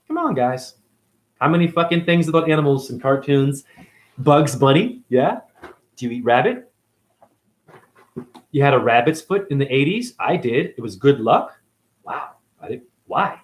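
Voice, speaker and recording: A man delivering an angry, confrontational monologue as a self-styled spiritual teacher, swearing constantly. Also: fairly high pitch. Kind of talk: profane ranting monologue.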